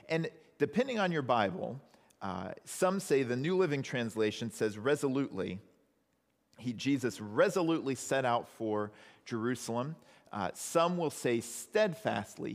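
Male pastor with a relaxed, chatty preaching style and a lively, bouncing voice, recorded in a hall with long reverb. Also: mid-range voice. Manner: conversational, animated storytelling. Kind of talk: sermon.

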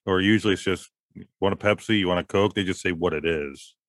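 Low-ish voiced guy on a podcast, kinda unsure, lots of likes and uhs, dry sound. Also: a little fast, dry recording. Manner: hesitant, self-doubting, with fillers. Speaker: podcast co-host. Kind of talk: casual chat.

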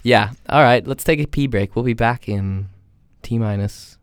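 A young man hosting a podcast in a casual chat, playful and teasing, quick to laugh. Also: medium pitch, smooth, dry recording, studio quality. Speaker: podcast host.

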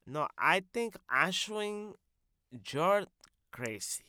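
A man voicing a brash, foul-mouthed comedy podcast host who talks loudly and bursts into high, excited outbursts. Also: very slow, no echo, full character voice. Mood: loud ribbing. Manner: loud, brash, swears constantly, pitch jumps high. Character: brash loud profane male podcast host. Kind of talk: comic sketch.

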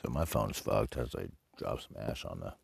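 Deep gravelly man, profane rambling host. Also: normal speed, darkish tone. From Detroit. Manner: profane, rambling, mock-insulting the audience. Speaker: radio host. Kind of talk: crude rambling solo radio talk.

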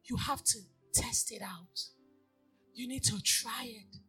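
A woman preaching a sermon, telling stories and moving from hushed, near-whispered talk to loud exhortation. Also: on the high side, slow pace, slightly rough, soft background music.

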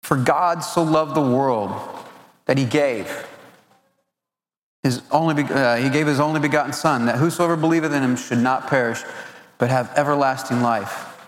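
An earnest man preaches at a family camp, his voice sitting at a middle pitch. He often stumbles and repeats words as he searches for them. The sound is roomy, with a long hall reverb trailing behind him. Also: normal speed. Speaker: camp speaker. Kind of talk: sermon.

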